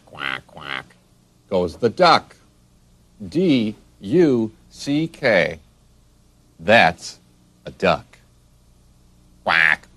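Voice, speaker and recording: A man's voice: sits low, no room sound. A middle-aged man reading a children's read-along book, spelling words letter by letter and making playful animal sounds.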